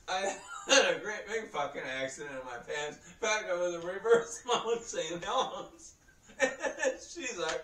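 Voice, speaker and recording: A man's voice: high-pitched, animated, a little slow, sharp tone, slight background noise. Rambling, profane man, roomy and distant. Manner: rambling, profane, laughs through the story. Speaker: vlogger. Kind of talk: casual storytelling. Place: indoor room. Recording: roomy echo, heard from a distance.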